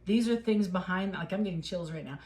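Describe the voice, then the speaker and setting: A woman's voice: lowish voice, fairly quick, darkish tone. A woman giving a casual tarot reading, talking straight to the viewer in an encouraging, emotional way. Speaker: tarot reader.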